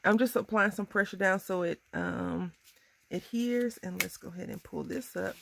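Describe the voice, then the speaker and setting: A woman in her thirties chatting casually through a crafting tutorial, bubbly and quick to laugh at herself. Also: lowish voice, gravelly, background noise. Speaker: crafting vlogger.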